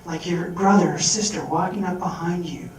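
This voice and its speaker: Animated man telling a story in a hall. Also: sits high, normal speed, slight background noise. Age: adult. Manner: animated, acting out quoted voices. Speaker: speaker. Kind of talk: storytelling talk. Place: large hall. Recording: echoey hall from far off.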